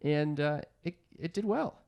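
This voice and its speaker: A young man and comedian, a podcast guest telling animated, self-mocking stories. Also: fairly high pitch, unhurried, creaky, clear, resonant tone. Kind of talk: casual chat.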